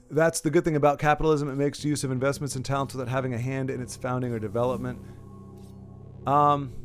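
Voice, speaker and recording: A man's voice: on the high side, fairly bright tone. A man casually commenting while playing a story game, rambling with restarts and asides. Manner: rambling, self-interrupting asides while reading game dialogue. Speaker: gaming video host. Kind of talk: casual let's play commentary.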